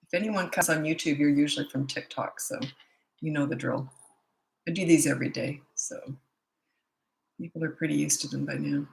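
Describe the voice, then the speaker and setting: A woman's voice: low voice, fairly even intonation, normal speed, gravelly, pauses often, a little mellow, poor audio. A middle-aged woman who works as a parenting coach chats casually on a livestream, greeting viewers by name and place with jokey asides.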